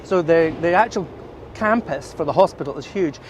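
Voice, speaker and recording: A Scottish man with a notably high voice leads a walking tour outdoors, chatting and telling stories as he points things out. He talks among old tombs in a city. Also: lively intonation, slight background noise. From Scotland. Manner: chatty, storytelling, quick laughs. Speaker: tour guide.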